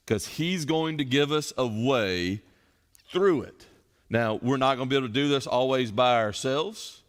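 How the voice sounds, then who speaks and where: A middle-aged man, a pastor leading a Bible study, preaching in a conversational way and telling folksy stories as illustrations. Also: mid-range voice. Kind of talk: conversational sermon. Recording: long hall reverb.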